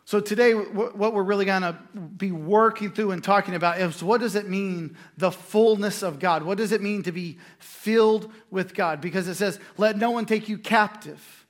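A man preaching a sermon in a conversational way, with quick asides and restarts. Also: sits high. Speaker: pastor.

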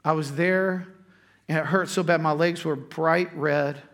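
A man's voice: a little high, fairly even intonation, unhurried, fairly bright tone. A man preaching, telling a personal story in a conversational way before turning to scripture. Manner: conversational storytelling, frequent restarts. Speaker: pastor.

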